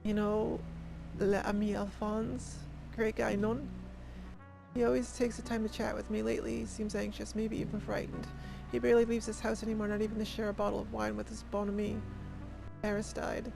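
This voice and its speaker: A woman's voice: medium pitch, flat delivery, a little fast, gravelly, music in the background. A woman voicing a friendly, chatty old Cajun man who drops bits of French into his talk.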